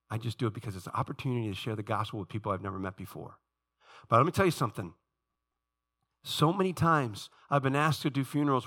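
A middle-aged male pastor preaching a sermon, swinging between loud rising questions and quiet, low asides to the congregation. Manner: preaching with dramatic rises and soft drops, questioning the congregation.

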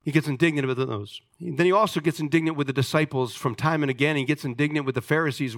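A man's voice: on the high side, quick pace, few pauses, dry recording, studio quality. A man preaching a sermon as pastor, talking emphatically and calling on the congregation for amens.

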